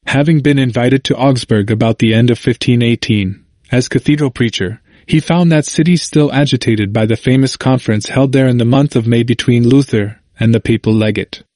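A man reading a history book aloud as scripted narration, measured and steady, lifting his voice for quoted speech. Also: medium pitch, dry recording, studio quality. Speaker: audiobook narrator.

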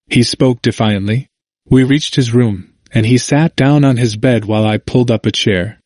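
A man narrates a first-person memoir in a measured, reflective reading. His voice sits at a middling pitch. The recording is dry and close on a studio mic. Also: darkish tone, no room sound. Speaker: audiobook narrator.

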